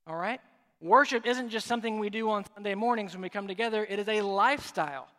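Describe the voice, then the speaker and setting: A man's voice: high voice, fast, sharp tone. A man preaching a sermon as pastor, conversational and joking now and then. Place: large church sanctuary. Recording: reverberant hall.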